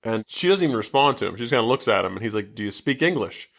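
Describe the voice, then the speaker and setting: A man's voice: lowish voice, very animated, very fast, gravelly, a bit bright. A man co-hosting a casual podcast, recapping a movie in a loose, rambling way full of fillers. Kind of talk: casual chat. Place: basement.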